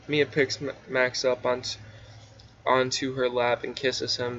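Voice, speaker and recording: A man's voice: mid-range voice, flat delivery, measured pace, fairly bright tone. A man reading his own story aloud in a casual, drowsy, offhand way, stopping for asides and restarts. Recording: dull lo-fi recording with faint hiss.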